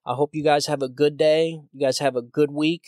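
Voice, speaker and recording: A man hosts his own solo podcast, talking in a worked-up, ranting way and often restarting his sentences. His voice sits somewhat high for a man. The sound is dry and close, with no room echo. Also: fairly even intonation, brisk, a little mellow. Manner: heated, ranting, repetitive restarts. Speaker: podcast host. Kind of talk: solo political commentary podcast.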